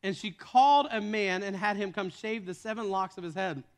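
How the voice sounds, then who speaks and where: A man's voice: sits high, moderate pace. A man preaching a sermon as a retold story, casual in tone with joking asides.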